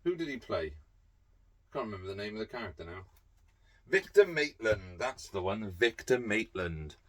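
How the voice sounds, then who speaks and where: A man's voice: on the low side, very animated, moderate pace, dry recording. A man vlogging about his movie collection in a casual, rambling way, blunt and sweary, with lots of ums and uhs. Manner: blunt, sweary, off-the-cuff with many fillers.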